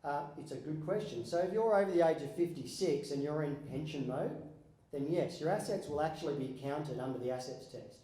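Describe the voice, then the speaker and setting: A man, a financial adviser giving a seminar presentation and talking conversationally with the audience, with wry asides and quick questions to the room. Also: on the high side, mellow, roomy sound, low-quality recording. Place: conference hall.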